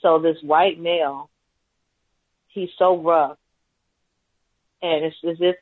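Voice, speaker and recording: A man's voice: fairly high pitch, no room sound. A man calling in to a talk show, telling a story in a rambling, hesitant way. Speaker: caller. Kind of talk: call-in talk radio account. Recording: tinny phone line, dry.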